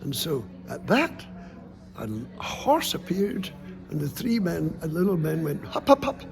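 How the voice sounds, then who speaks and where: High, gravelly storyteller man. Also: a little slow, over music. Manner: lively, playful, with sound effects and sudden hushes. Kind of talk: oral folk storytelling.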